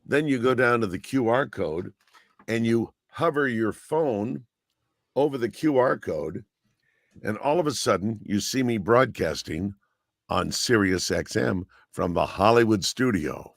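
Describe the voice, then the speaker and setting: Older male radio guest, low voice, dry recording, chatty and rambling. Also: animated, unhurried, gravelly, no room sound. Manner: rambling and eager, many fillers. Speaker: radio broadcaster and author guest. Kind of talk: casual interview chat.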